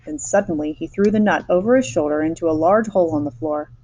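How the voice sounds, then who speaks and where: A woman reading a children's chapter book aloud, lively, with small slips and restarts. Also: low voice, fast talker. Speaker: storyteller.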